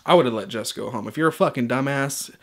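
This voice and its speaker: Male vlogger, mid-pitched voice, loose and ranty, swears often, mimics people mid-recap. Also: fast. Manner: casual, swears a lot, heated opinions; animated mimicking of others. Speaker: vlogger reviewing a TV episode. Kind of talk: casual recap and rant.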